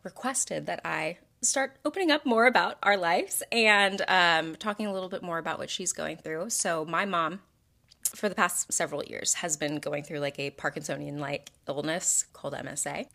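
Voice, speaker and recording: A young woman from Texas hosts a podcast with a lowish, creaky voice and a sharp tone, speaking at normal speed. She chats casually and tells stories dramatically, joking and swearing along the way.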